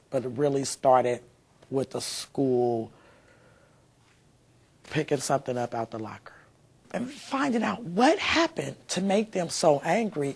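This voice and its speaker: A woman's voice: deep voice, creaky, darkish tone, breathy edge. A woman, a mother being interviewed, talking heartfelt and rambling with many fillers. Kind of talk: emotional interview recollection.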